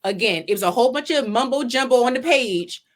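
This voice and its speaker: A woman, a podcast guest, telling her story in a casual interview from her home office over a video call, animated and acting out her own past words. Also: on the high side, fairly quick. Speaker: podcast guest, pageant winner and salon owner.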